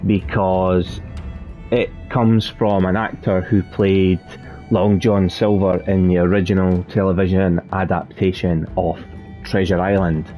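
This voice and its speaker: A man with a deep, warm voice hosts his gaming channel and comments as he plays. He talks in a loose, chatty way, circling back and correcting himself mid-sentence. Soft music sits quietly under his voice. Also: little pitch movement, a little slow. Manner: chatty, rambling, self-correcting. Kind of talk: let's play commentary.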